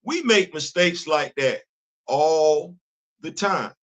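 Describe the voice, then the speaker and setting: A man's voice: fairly high pitch, expressive, takes it slowly. A middle-aged man from the Bronx, hosting a casual opinion monologue, emphatic and repetitive, using street slang. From Bronx, New York, USA. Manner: conversational, repeats and restarts, street slang, emphatic. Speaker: show host. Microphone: streaming setup.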